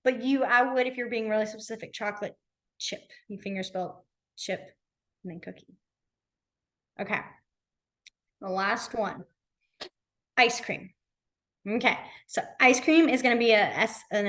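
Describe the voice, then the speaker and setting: Her fairly high, slightly bright voice carries a casual, talkative lesson for beginners. The young woman teaches sign language in a library classroom, dropping in plenty of "um"s and "like"s.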